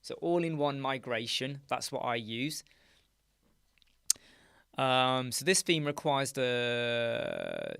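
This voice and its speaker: A man hosts a casual live stream, talking to viewers while muttering asides as he works. His voice has a gravelly edge at a middling pitch. The sound is dry and close, with no room echo. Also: animated, slow, a bit bright. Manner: chatty, muttering asides while working on screen. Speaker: live stream host, web designer. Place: dark home studio with soundproof panels.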